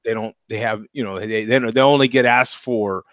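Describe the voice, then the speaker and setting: A man's voice: lowish voice, fairly even intonation, moderate pace, a bit bright, dry recording, muffled recording. A man hosting a casual beer chat show, talking loosely and chuckling as he rambles. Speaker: host.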